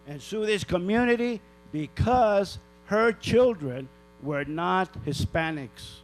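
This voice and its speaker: Older guy from new mexico chewing out the town council, pretty high voice, hum in the background. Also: low-quality recording. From northern New Mexico. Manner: indignant, scolding, repeats rhetorical questions. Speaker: public commenter at a town council meeting. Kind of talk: angry public comment.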